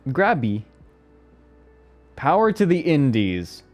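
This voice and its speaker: A man streamer in casual live chat, excitable and prone to repeating words in quick bursts. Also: on the high side, faint music behind.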